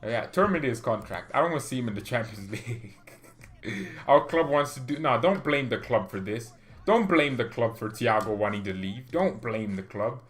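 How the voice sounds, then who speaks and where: A man's voice: mid-range voice, lively intonation, moderate pace, fairly bright tone. A man hosting a fan channel, ranting in an exasperated way to his live chat and laughing often. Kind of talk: live-stream rant reading chat.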